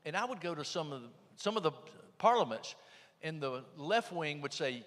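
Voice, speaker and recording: A man's voice: fairly high pitch, expressive, moderate pace, fairly bright tone, in a large hall. A man with a Southern US accent telling stories at a panel in a plainspoken, emphatic way. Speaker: panel speaker. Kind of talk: folksy storytelling.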